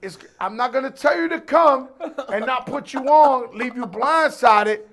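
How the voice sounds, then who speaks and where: A man's voice: extremely high pitch, measured pace, a little hiss or hum. A man hosting a casual interview, telling a story with animation and acting out the lines of the people in it. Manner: animated, acts out quoted dialogue. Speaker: host.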